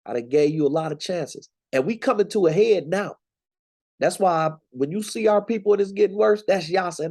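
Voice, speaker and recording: A man's voice: high-pitched, normal speed, darkish tone. A young man teaching scripture in a casual, slangy, emphatic way, from the United States. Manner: conversational, preachy, slangy and emphatic. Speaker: Bible teacher.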